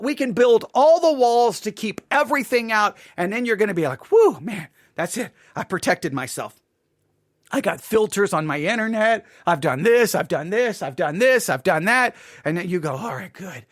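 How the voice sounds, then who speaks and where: High-voiced, animated man teaching the Bible. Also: moderate pace, hardly any pauses, no room sound, studio quality. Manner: earnest, emphatic, with frequent repetitions and restarts.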